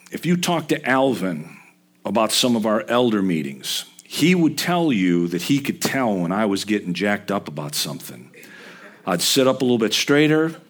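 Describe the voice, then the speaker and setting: A middle-aged man preaching a sermon in a conversational way, stressing words emphatically and rising in pitch to make a point. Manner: emphatic, conversational with sudden rises.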